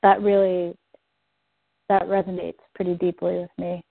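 A woman in a guided tapping session, softly and reflectively repeating phrases back. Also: on the low side, flat delivery, unhurried, vocal fry, no room sound. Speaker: client in a therapy session. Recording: thin phone-like audio, dry.

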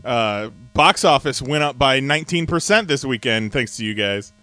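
Bright, lively podcast man. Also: medium pitch, moderate pace, no room sound. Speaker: podcast co-host. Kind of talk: casual podcast chat.

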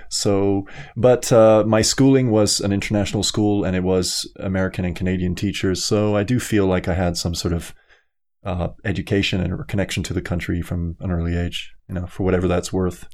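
Man from denmark, podcast guest, lowish voice, measured, lots of ums. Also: steady tone, a little mellow. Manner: hesitant, many ums, measured. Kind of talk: casual podcast chat.

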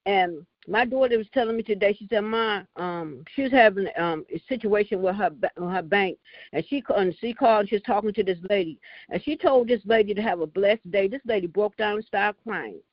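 A woman's voice: mid-range voice, a little fast, dry recording. A woman leading a prayer line, praying and giving testimony in a fervent voice that repeats words of praise. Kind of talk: spontaneous spoken prayer and testimony. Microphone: phone line. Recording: dull lo-fi conference call.

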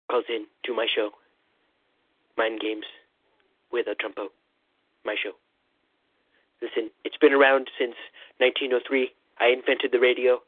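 Man doing a husky blustering president over the phone. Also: medium pitch, dry recording, natural voice. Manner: rambling, repetitive "listen", boastful bluster. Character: blustering boastful male president, rambling and self-praising. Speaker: comedy caller. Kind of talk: comic impression call-in. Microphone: phone call-in. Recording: tinny phone line, dry.

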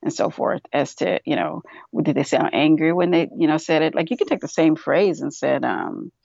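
Woman podcast co-host, low gravelly voice, chatty with fillers, dry slightly dull audio. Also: moderate pace, a little mellow, no echo. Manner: chatty, many fillers, acts out quoted voices. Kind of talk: casual discussion.

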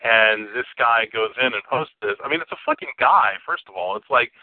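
A man with a mid-range voice tells stories with swinging, lively intonation and plenty of swearing. The sound is dry and squeezed into a thin, phone-like band. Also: medium pitch, a little fast, no room sound. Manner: animated, profane storytelling. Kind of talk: casual chat. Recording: dry, tinny phone line.

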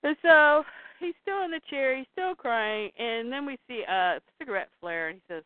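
Woman, podcast host, animated comic recap, very lively pitch, phone-like sound. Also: normal speed, no echo. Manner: animated, exclaims at scenes. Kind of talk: casual recap of a comic, reading it aloud. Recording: dry, tinny phone-like sound.

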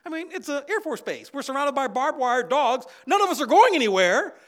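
A middle-aged man preaching a sermon as pastor, an animated storyteller who repeats phrases for emphasis and swings widely in loudness and pitch. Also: fairly quick.

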